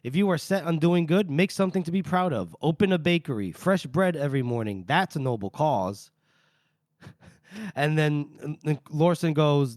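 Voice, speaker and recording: A man's voice: a little high, lively intonation, a little mellow, no room sound, clean studio sound. A man on a podcast, casually recapping book chapters, quoting the characters and laughing often. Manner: retells scenes with quick quoted voices, laughs often. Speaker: podcast host.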